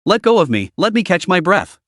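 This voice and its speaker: Man voicing a brash young guy, crude and cursing, lively pitch, dry sound. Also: a little fast, dry recording. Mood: desperate. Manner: blunt, swearing inner monologue.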